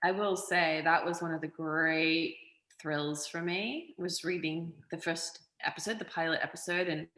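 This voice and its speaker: An actress from Australia telling stories in a casual interview, animated and expressive. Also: female voice, low voice, moderate pace, echoey room, rough recording. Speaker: actress, guest.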